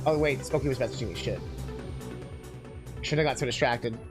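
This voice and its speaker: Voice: medium pitch, brisk, over music. A streamer giving casual, crude, joking commentary while watching game videos.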